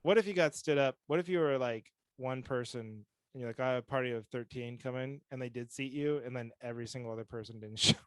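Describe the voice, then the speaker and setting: A man's voice: mid-range voice, quick pace, few pauses, clear, resonant tone, dry recording. A man co-hosts a podcast and tells jokey stories in casual chat, slipping in bits of dialogue. His voice sits in a middle register. The recording is dry and close. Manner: joking storyteller, acts out dialogue. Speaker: podcast co-host.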